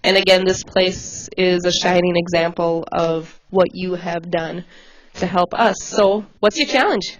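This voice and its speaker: Fast-talking chatty woman coordinator. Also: on the low side, fairly even intonation, slight background noise, rough recording. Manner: fast, chatty, laughs easily. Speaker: volunteer coordinator. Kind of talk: casual livestream address.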